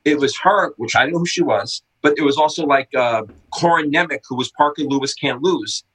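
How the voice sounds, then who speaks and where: A middle-aged man, a skate shop owner, telling animated casual stories with lots of swearing and loud acted-out quotes. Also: fairly high pitch, brisk, husky, low-quality recording. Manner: excitable, swearing, acts out quotes loudly. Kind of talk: casual storytelling.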